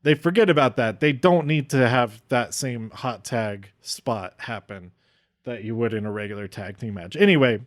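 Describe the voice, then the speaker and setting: A man's voice: medium pitch, moderate pace, no echo, studio quality. A man talking through a wrestling show in a casual, rambling review, often restarting sentences and getting openly emotional.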